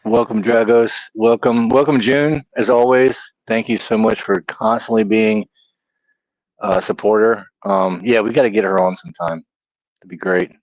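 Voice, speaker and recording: Middle-aged Southern man, low and laughing. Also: fairly even intonation, moderate pace, dry recording, dull audio. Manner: laughs easily, chatty and self-teasing. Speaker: livestream co-host. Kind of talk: casual livestream chat.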